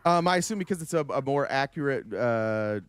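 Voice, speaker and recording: A man arguing his side in a heated online debate, defensive and quick to push back. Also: mid-range voice, lively intonation, smooth, no room sound. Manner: quick, defensive, talks over others. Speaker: debater hosting a watch party.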